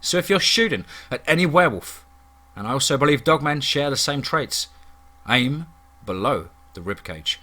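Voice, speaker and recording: A man narrating a first-person horror story in a steady, dramatic storytelling manner. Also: mid-range voice, moderate pace.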